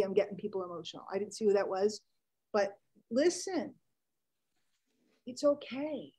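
Chatty animated woman business coach. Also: fairly high pitch, husky, rough recording. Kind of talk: live online training.

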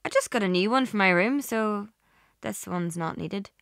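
A woman's voice: medium pitch, normal speed, gravelly, a bit bright, dry recording, studio quality, voice pushed up. Woman doing a shy, kind lad. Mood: sheepish. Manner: sheepish and easygoing. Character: young man, kind and bashful.

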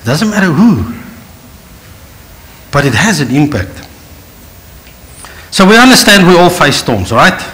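A man's voice: on the high side, sing-song, measured pace, long pauses, fairly bright tone, low-quality recording. A middle-aged man with a South African accent preaching a sermon, acting out the Bible scenes in different voices and switching between storytelling and direct address. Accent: South African English. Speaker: pastor.

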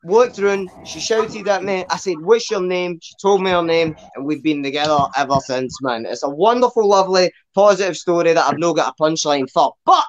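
Here a young Scottish comic from Glasgow does an online open mic set that wanders and swears freely, tagging lines with "man." His voice is a little high, his pace brisk with almost no pauses, and the audio is lo-fi.

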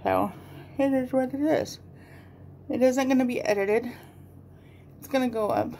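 Rambling, gravelly-voiced woman vlogger. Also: high-pitched, measured pace, pauses often, dark tone, a little hiss or hum. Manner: rambling, chatty, swears casually. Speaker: beauty vlogger. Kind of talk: casual rambling chat while doing makeup.

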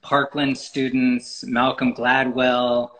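A man's voice: medium pitch, monotone, takes it slowly, fairly bright tone, low-quality recording. A man talking as a guest in a casual interview, rambling with many fillers and restarts. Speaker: photographer guest. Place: podcast recording.

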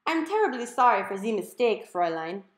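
A woman's voice: sing-song, brisk. A woman putting on a squealing German-accented base computer. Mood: fussy polite. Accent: put-on German. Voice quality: high-pitched, outrageous. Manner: overly polite, formal. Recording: roomy echo.

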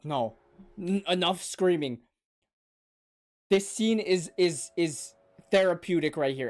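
Excitable swearing man reacting to anime. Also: on the high side, takes it slowly, long pauses, faint music behind. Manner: excitable, swears a lot, bursts into shouts and gasps; talks to the characters on screen. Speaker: anime reaction channel host. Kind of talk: live reaction commentary.

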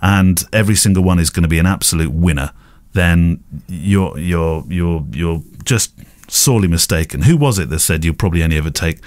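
A man with a very deep voice co-hosting a relaxed podcast. He talks in a hesitant, reflective way, full of fillers and restarts as he works through his thoughts. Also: a little fast, few pauses. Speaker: podcast co-host, wedding photographer. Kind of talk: casual podcast chat.

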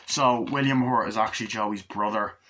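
A man's voice: on the low side, steady tone, pushed and bright, a little hiss or hum. Profane rambling man reviewing a film. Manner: profane, rambling, retells scenes with quick quoted lines. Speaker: movie reviewer. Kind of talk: casual spoken film review.

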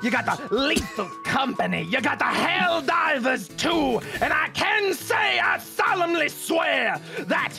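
A man putting on a bombastic Southern preacher-style country man with a parody Southern accent, sermonizing in drawn-out declarations. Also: extremely high pitch, very animated, gravelly, bright, forceful tone, raised voice, soft background music, pitched above the performer's own voice, heavily acted. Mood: fired up.

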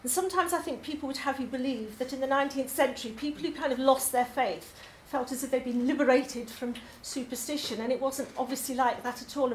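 A woman's voice: high voice, a little mellow. Woman, English, poetry tutor, chatty, lots of ums, echoey room. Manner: enthusiastic, chatty with frequent ums. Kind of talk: course presentation to a group. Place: labour club hall. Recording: echoey hall, faint noise.

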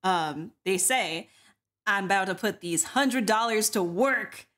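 A woman's voice: medium pitch, lively intonation, slow pace, a bit bright. Bubbly, giggly woman hosting a stream. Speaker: stream host. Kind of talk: casual chat, reading donations.

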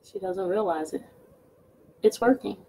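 A woman teacher reading a picture book aloud to children, pausing to ask them questions. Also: medium pitch, creaky, a little hiss or hum, rough recording. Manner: slow, expressive, asks children questions. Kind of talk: storybook read-aloud lesson.

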